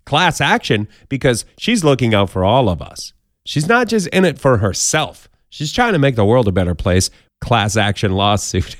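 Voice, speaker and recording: A man's voice: medium pitch, no echo, clean studio sound. Playful man hosting a jokey podcast. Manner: jokey, playful asides, bouncy delivery. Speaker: podcast host. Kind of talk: casual comedic news countdown.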